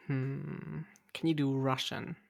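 A woman's voice: rumbling low, fairly even intonation, takes it slowly, creaky. A woman from Germany co-hosting a podcast in casual chat, teasingly asking her co-host for accents.

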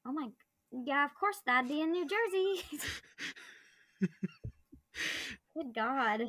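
A woman's voice: sits high, animated, slow, fairly bright tone, dry recording. A woman co-hosting a casual podcast from her bed at home, reacting with laughter and disbelief. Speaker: podcast co-host.

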